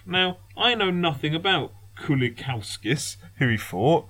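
A man's voice: a little high, big pitch swings, normal speed, few pauses, a bit bright, no room sound. A man giving blunt, opinionated boxing analysis in a casual podcast chat, laughing and swearing now and then. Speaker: boxing pundit.

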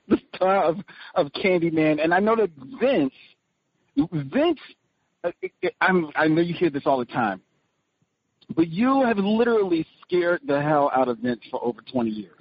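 A man's voice: a little high, sing-song, a little slow, pauses often, slightly rough, no echo. A man hosting a podcast, talking in a rambling way with many fillers and restarts. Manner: rambling, filler-heavy, self-correcting. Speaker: podcast host. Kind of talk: casual chat. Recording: dry dull lo-fi podcast audio.

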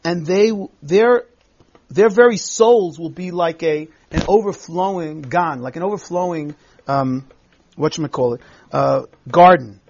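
A man teaching a Bible text in class, reading verses aloud and explaining them with emphatic, expressive delivery. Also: fairly high pitch, unhurried, lo-fi sound.

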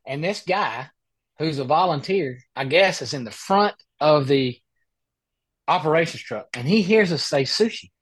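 A man telling a funny story in an animated way as a guest on a casual chat, speaking over a video call. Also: fairly high pitch, a little slow, breathy edge, dry recording. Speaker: guest, professional golfer.

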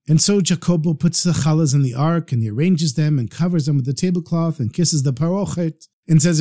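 Brief: male storyteller, fairly high voice, lively oral telling. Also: a little fast, hardly any pauses. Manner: lively, animated voice shifts.

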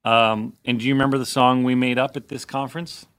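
A man's voice: mid-range voice, flat delivery, a bit bright, clear, resonant tone, no room sound. A man co-hosting a podcast, telling rambling, profane stories in a casual chat. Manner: rambling, profane, quick asides. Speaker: podcast co-host.

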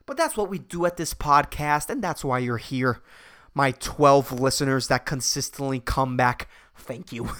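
A man's voice: a little high, fairly bright tone. A man hosting a solo podcast in a casual, profane, rambling rant, often laughing at his own jokes. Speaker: podcast host.

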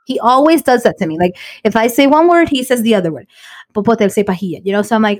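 Woman, 30s, podcast co-host, quick bilingual storyteller, slightly high voice. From United States. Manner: animated storyteller mixing English and Spanish. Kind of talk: casual chat.

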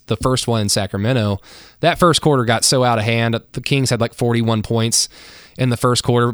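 A man's voice: medium pitch, fairly bright tone, clean tone, no echo, clean studio sound. Talkative man breaking down basketball. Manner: rambling, self-correcting, enthusiastic. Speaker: sports podcast co-host. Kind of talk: casual basketball analysis chat.

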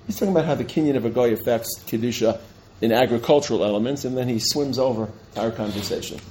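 A middle-aged man teaching a Talmud class as a rabbi, quick and digressive, often correcting himself and reading Hebrew and Aramaic sources aloud. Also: medium pitch, darkish tone, slight background noise, low-quality recording. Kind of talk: lecture with questions from students.

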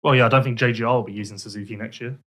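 A man's voice: medium pitch, fairly even intonation, very fast, fairly bright tone. A young man co-hosting a podcast, reading out listener questions and answering with dry, teasing asides. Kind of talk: casual chat.

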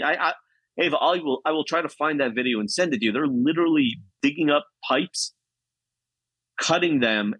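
A man's voice: mid-range voice, fairly bright tone, husky, no room sound. A man talking as a podcast guest in casual, earnest conversation.

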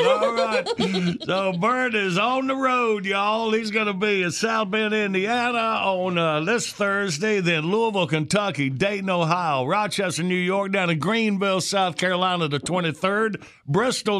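A high-voiced man hosting a morning radio interview, with a bright, forceful tone. He sounds upbeat as he pitches dates and tickets, in a studio broadcast sound. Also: measured pace, few pauses. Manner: upbeat, plugs tour dates. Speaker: radio host.

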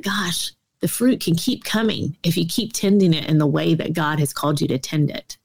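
A woman with a low, somewhat dark voice speaks at a normal pace, with vocal fry and a breathy edge. She's a guest on an interview podcast, an author and speaker, earnestly telling stories in a conversational interview and using lots of fillers.

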